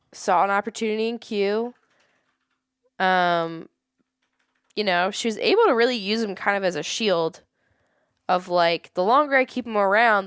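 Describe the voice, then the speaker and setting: A woman co-hosting a podcast in casual chat, relaxed and talking in loose run-on thoughts. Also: mid-range voice, clean tone. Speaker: podcast co-host.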